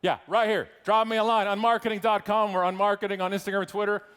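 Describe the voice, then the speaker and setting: A man's voice: sits high, steady tone, quick pace, fairly bright tone, clear, resonant tone. A middle-aged man with a Canadian accent giving a humorous keynote speech, wry and teasing the audience. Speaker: keynote speaker. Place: large conference hall stage. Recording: long reverb of a large hall.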